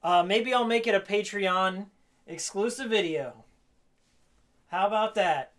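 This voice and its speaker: A man live-streaming casually while he cleans his game room, hoarse and losing his voice, jokey and rambling, repeating his own lines. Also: sits high, unhurried, long pauses, a bit bright. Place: game room at home, indoors.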